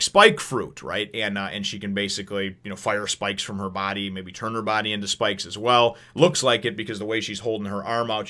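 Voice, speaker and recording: A man hosting a casual review channel, rambling with lots of fillers and acting out characters' lines in an animated way. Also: on the low side. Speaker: manga review channel host.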